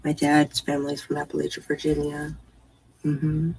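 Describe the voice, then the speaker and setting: A woman's voice: sits low, fairly even intonation, unhurried, creaky, a little mellow, breathy edge, low-quality recording. A woman hosting a casual morning chat stream from home, chatting and answering viewers' messages. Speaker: livestream host.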